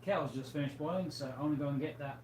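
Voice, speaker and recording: Echoey relaxed man chatting on stream. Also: fairly high pitch, racing. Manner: relaxed, chatty, reads out viewer comments. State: tired, yawning. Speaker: livestream host. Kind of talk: casual chat with viewers. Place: home room with fish tanks. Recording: echoey room, faint background noise.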